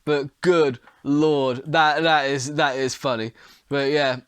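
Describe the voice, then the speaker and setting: A man hosting his own podcast, chatting bluntly and casually, his voice hoarse and worn from illness with the odd cough. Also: a little high, steady tone, slow pace, dry recording, studio quality. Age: adult. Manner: chatty, blunt, swears mildly. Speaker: podcast host. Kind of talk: casual solo podcast talk.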